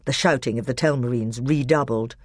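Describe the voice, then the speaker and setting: A woman reading a storybook aloud as narrator, with expressive storytelling. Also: very deep voice, brisk, dry recording, clean studio sound. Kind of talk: audiobook narration.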